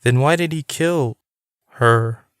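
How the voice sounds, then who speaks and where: A man voicing an emotional young woman who is grieving a friend, his pitch lifted and the reading slow. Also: fairly bright tone, smooth, no room sound, studio quality. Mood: upset. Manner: raised, girlish pitch.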